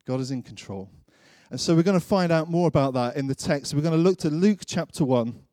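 A man's voice: on the high side, fast, warm tone, no echo, clean studio sound. A man preaching a sermon, telling a personal story in a chatty way and acting out his own thoughts.

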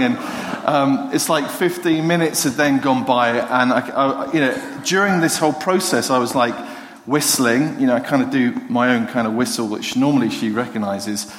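A man's voice: medium pitch, normal speed, a bit bright. A male pastor, preaching a sermon in a conversational, self-deprecating storytelling manner. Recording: hall reverb, faint noise.

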